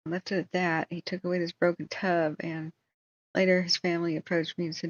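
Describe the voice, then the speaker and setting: A woman on a livestream spins a loose, rambling story, stopping for asides as she goes. Her voice sits low and husky, and the stream audio sounds dull and lo-fi. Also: a little fast. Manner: rambling, animated retelling with asides. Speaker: livestream host. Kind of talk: casual storytelling.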